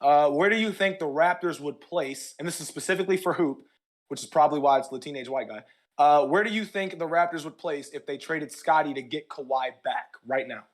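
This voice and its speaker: Young guy podcast host, kinda high voice, laughs a lot, animated. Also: brisk. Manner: animated, laughing, mimics yelling. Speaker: podcast host reading listener questions. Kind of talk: casual chat.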